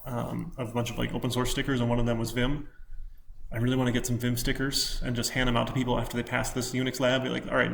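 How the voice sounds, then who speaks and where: A male college instructor giving a casual classroom lecture, relaxed and rambling with many ums while he works on his laptop. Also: mid-range voice, vocal fry, slight background noise.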